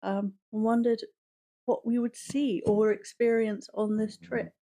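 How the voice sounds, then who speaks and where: Woman co-host in a hotel room, fairly high voice, short dry quips. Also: steady tone, a little slow, dark tone, rough recording. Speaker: co-host, the host's sister. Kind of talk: casual podcast chat.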